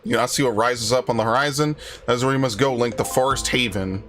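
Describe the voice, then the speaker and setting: Solemn old male talking-boat guide, read flat by a man in his own voice, mid pitch. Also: brisk, soft background music, natural voice. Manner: reads the in-game lines aloud plainly in his own voice.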